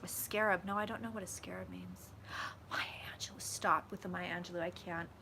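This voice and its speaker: A woman's voice: lowish voice, steady tone, a little fast, gravelly, noisy background. A young woman hosting a casual live vlog from home, chatty and gushing, swearing freely as she reads viewer comments. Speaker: psychic vlogger. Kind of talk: casual live-stream chat.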